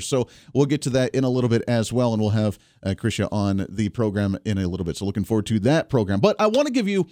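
A man's voice: lowish voice, very animated, quick pace, few pauses, dark tone, no echo. A man in his thirties hosting a radio talk show, chatty, upbeat and opinionated, talking straight to his listeners. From Kansas. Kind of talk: energetic radio talk monologue. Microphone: studio microphone. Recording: dry studio sound, faint music.

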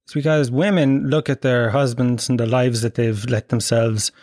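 A man's voice: mid-range voice, fairly even intonation, normal speed, darkish tone, no room sound, clean studio sound. A man telling rambling comic stories in a casual, profane, wry way, laughing as he goes.

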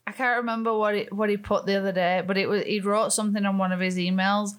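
A woman's voice: mid-range voice, steady tone, quick pace. A woman co-hosting a casual podcast chat, rambling through stories with restarts and swearing. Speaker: podcast co-host.

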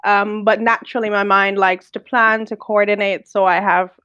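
A woman's voice: mid-range voice, flat delivery, normal speed, pushed and bright, highs cut off, a little hiss or hum. A woman from Jamaica with a Jamaican accent, a guest answering interview questions confidently with light laughs. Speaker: guest, project manager.

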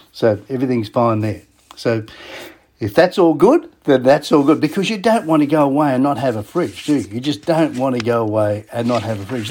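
A man's voice: medium pitch, darkish tone, slightly rough. A man with an Australian accent hosting a casual radio show, rambling and repeating himself with chuckling asides.

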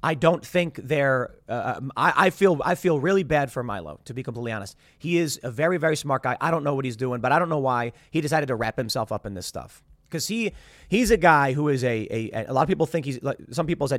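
A man's voice: mid-range voice, expressive, quick pace, no echo, studio quality. A man hosting his own show, rambling through a casual commentary monologue. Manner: rambling, mimics others in quotes. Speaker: show host.

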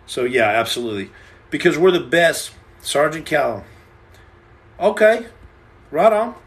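A man from the United States hosting a live stream, joking with viewers and reading their questions, animated and playful, acting out little scenes, stammering and restarting as he goes. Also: on the high side, unhurried. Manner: animated and playful, acts out scenes and repeats himself. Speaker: livestream host answering viewer questions.

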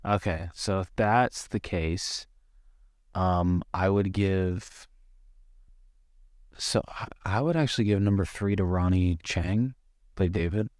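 A man co-hosting a casual movie review podcast, relaxed and rambling with mild swearing. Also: deep voice, slow pace, long pauses, no room sound, clean studio sound. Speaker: podcast co-host.

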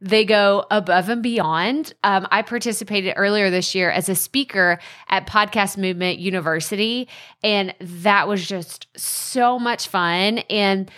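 East texas gal podcasting from home, chatty and bubbly, laughs a lot. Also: female voice, mid-range voice, a little slow, fairly bright tone. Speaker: podcast host. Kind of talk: casual solo podcast chat. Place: home room by a window.

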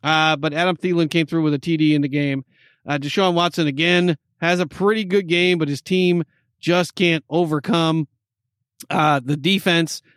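Guy co-hosting a sports podcast, kinda high voice, rattles off stats fast, dry close mic. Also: fairly even intonation, a bit bright, dry recording. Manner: reads game stats in quick bursts, laughs often. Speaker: podcast co-host. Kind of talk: casual sports chat.

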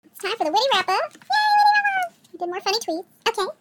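Giggly high-voiced woman reading tweets. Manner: giggly, reads quickly. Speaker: podcast host. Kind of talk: reading funny tweets aloud. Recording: loud background noise.

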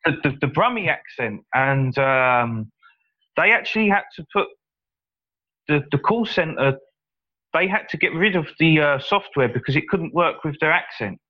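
A man's voice: on the high side, animated, normal speed. A man with an English accent chatting casually on a podcast, hesitant and often repeating his words. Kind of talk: casual chat. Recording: muffled lo-fi audio.

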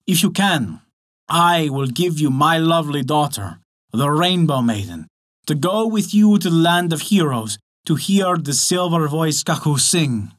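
A man's voice: on the high side, animated, measured pace, voice pushed up. A man voicing a crafty old Sami witch woman in a storybook reading, coaxing and drawn out. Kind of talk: storybook narration.

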